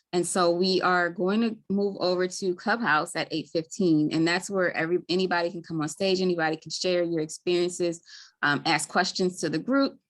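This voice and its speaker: Baltimore woman hosting a webinar. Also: lowish voice. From Maryland, US. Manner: friendly, chatty, many ums. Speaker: webinar host, community health worker. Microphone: video call.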